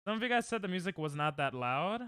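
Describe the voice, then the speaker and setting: A young man streaming a game, chatting casually and reacting excitably to chat on a headset mic. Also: high-pitched, fast, clear, resonant tone, no room sound, studio quality. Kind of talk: casual live-stream chatter while gaming.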